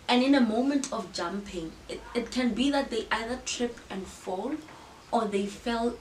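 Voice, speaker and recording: A woman speaks with earnest emphasis, giving a motivational talk at a medium pitch. Her voice comes from some distance away in an echoey room, with faint background noise behind it. She acts out the voices she quotes and restarts her words.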